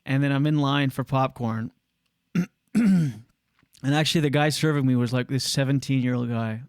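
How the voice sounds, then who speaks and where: A man's voice: mid-range voice, steady tone, moderate pace, smooth, no echo, studio quality. A man hosting a podcast, telling a rambling, jokey story in casual chat and acting out other people's voices. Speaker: podcast host.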